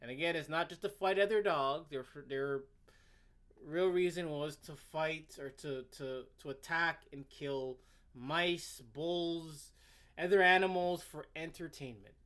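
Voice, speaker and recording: A man's voice: on the high side, fairly even intonation, unhurried, smooth. A man hosting a commentary video, reading a web page aloud and ranting about it in a sarcastic, exasperated way, stammering and restarting often. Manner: sudden swings between loud outbursts and muttering.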